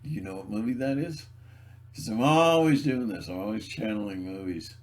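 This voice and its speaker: A man's voice: lowish voice, animated. A man in a rambling solo video monologue, sarcastic and mocking, laughing at his own jokes and stumbling over repeated words. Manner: halting, repeats words and restarts. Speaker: video blogger.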